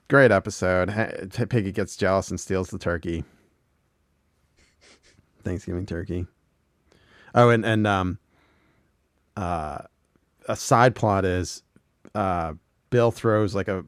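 A man's voice: lowish voice, smooth, dry recording, studio quality. A man co-hosting a podcast, casually retelling TV episodes with laughs, swearing and acted-out quotes. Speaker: podcast co-host.

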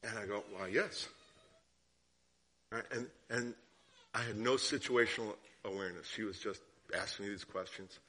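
A man preaching a sermon as guest speaker, telling a story and asking the listeners questions, sometimes dropping to a hushed tone and sometimes rising. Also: fairly low pitch, fairly even intonation, moderate pace, pauses often. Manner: drops to hushed tones for story, rises for questions.

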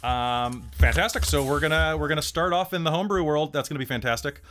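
A man acting as game master, chatting casually and explaining the game setup in an animated, excitable way. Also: on the high side, slight background noise. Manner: animated and excitable, quick asides.

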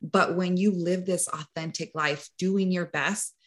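A woman's voice: lowish voice, fairly even intonation, a little slow. A woman hosting a podcast who talks in an earnest, emotional and emphatic way. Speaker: podcast host. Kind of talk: casual podcast conversation.

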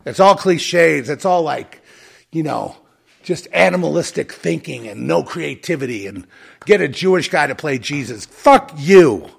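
A gravelly-voiced man rants on his own podcast, angry and profane, with a heavy streak of sarcasm. His pitch leaps around, swinging high and low. He sits a touch above most men in pitch. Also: lively intonation, measured pace. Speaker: podcast host. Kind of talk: solo podcast rant.

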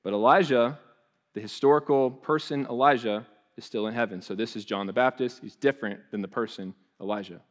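A man's voice: mid-range voice, brisk. A man preaching a conversational sermon. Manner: conversational preaching with restarts and asides. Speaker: pastor.

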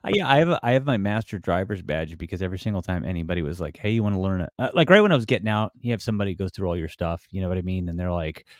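A man's voice: low-pitched, expressive, no echo, clean studio sound. A man hosting a veterans podcast, joking in casual chat. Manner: joking, rapid banter. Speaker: podcast host.

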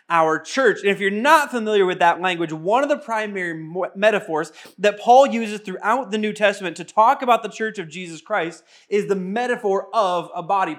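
A fairly high-pitched man in his thirties preaches from the pulpit. He talks conversationally, pokes fun at himself and often restarts his sentences as he eases from a family anecdote into scripture. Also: a bit bright. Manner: conversational, self-deprecating humor, frequent restarts. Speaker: pastor. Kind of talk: sermon with personal story.

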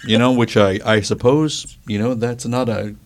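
A man co-hosting a casual chat who talks haltingly, with many restarts. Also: medium pitch, steady tone. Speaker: podcast co-host.

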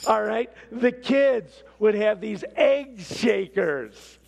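A man preaching a sermon, telling a story with lively swings from hushed to shouted. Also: high-pitched, measured pace, gravelly, few pauses. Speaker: pastor. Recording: long hall reverb.

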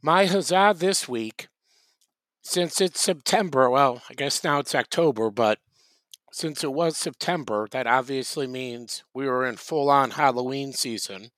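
A man's voice: medium pitch, unhurried, a bit bright, no room sound. A man co-hosting a podcast, chatting casually with dry, wry asides. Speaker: podcast co-host. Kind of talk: casual chat.

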